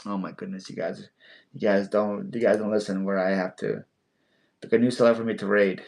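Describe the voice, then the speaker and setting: A man hosting a casual livestream sale, playful and quick to laugh, often stammering and repeating words. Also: lowish voice, level tone, creaky, darkish tone. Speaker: live online seller host.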